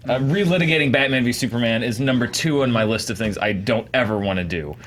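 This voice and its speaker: A man with a mid-range voice thinks out loud on a panel. He is dry and wry as he lays out his argument, steady and unhurried. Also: medium pitch, over a noisy crowd. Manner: measured, analytical, wry. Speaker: co-host. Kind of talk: casual panel chat.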